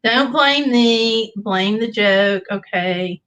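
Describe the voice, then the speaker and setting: Her voice is fairly high and a bit bright, and she speaks slowly. This middle-aged American livestream host reads viewer comments aloud and tells corny jokes in a chatty, playful manner, captured in a low-quality recording.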